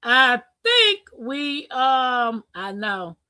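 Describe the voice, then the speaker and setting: A woman hosting a live-stream talk show, chatting casually, reading comments aloud and telling stories with animated bursts and laughter. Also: sits high, extremely slow, clean tone, dry recording. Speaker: livestream host.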